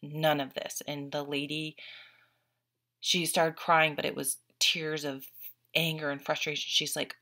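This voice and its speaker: Low-voiced woman giving an earnest tarot reading. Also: level tone, unhurried, sharp tone. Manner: earnest, openly emotional. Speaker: tarot reader. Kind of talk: casual spoken tarot reading.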